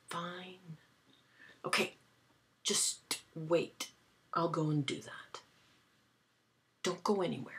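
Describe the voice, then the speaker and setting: A woman, casually telling stories to her camera in a dry, amused way, with soft breathy asides. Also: on the low side, fairly even intonation, drawn-out words, long pauses. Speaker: vlogger. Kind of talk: casual chatty storytelling to camera.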